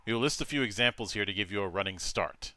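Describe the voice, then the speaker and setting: A man's voice: fairly low pitch, quick pace, pushed and bright, no echo. A man hosting a tabletop game stream, reading rules with many fillers and restarts. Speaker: game master.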